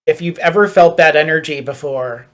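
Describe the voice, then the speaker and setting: A woman's voice: sits low, normal speed. A woman running a tabletop game as game master, narrating in a rambling, wry way full of fillers.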